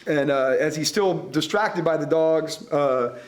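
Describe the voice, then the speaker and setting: A man on a discussion panel, retelling a story and reading passages aloud with animated delivery. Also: fairly high pitch, a little slow. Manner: animated, chuckling between readings.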